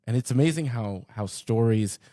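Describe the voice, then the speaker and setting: Mellow-voiced man chatting about scripture. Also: normal speed, dry recording, clean studio sound. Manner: animated, jumps into high pitch for jokes and read-outs. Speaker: pastor. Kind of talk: casual conversational Bible discussion.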